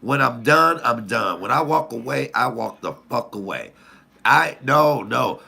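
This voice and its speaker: Gravelly, bright-voiced man telling stories. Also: mid-range voice, a little slow. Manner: profane, animated, confiding. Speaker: comedian and channel host. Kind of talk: casual storytelling to camera.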